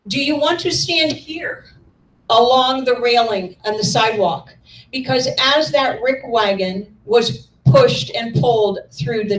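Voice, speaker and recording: A woman's voice: on the low side, slight background noise. Woman in her 60s telling a family story, echoey. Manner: measured, earnest storytelling. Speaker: guest speaker. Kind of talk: storytelling talk with slides. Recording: echoey room, mic at a distance.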